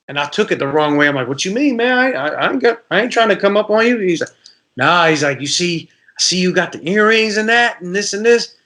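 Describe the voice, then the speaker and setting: A man from Detroit, a rapper guest, telling stories in a casual podcast interview and acting out the voices of people in them. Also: sits high. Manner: animated storyteller, acts out voices.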